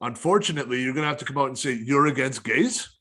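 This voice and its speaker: A man's voice: medium pitch, animated, fast, sharp tone, husky. A man in his thirties co-hosting a casual wrestling talk show, blunt and opinionated, getting fired up over his points. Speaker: podcast co-host.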